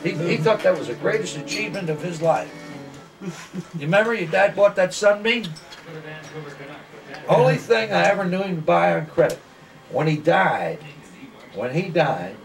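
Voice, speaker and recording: A man's voice: fairly high pitch, vocal fry. An older man telling folksy, rambling stories at a lunch table, acting out the voices of the people in them. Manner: folksy rambling anecdotes, acts out quoted voices. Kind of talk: casual storytelling at a lunch table. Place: home dining table during a meal. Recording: distant mic at a noisy table. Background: cutlery and dishes clinking, other people around.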